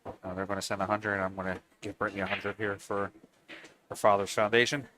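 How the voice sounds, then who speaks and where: A man's voice: on the low side, flat delivery, fast, bright, forceful tone, slight background noise, rough recording. A man with a Philadelphia accent commentating a pool match, friendly and easygoing in his chatter. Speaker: sports commentator. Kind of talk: casual commentary banter.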